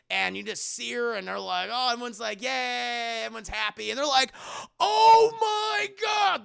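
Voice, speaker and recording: A young man retells a film to his live chat in a loose, profane ramble, jumping into shrieked character voices. His voice sits high and swoops wildly, with a strong gravelly fry. He sounds bright and close, with a dry, dead sound. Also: no room sound. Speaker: movie reviewer streaming live. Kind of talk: animated casual plot recap to a live chat.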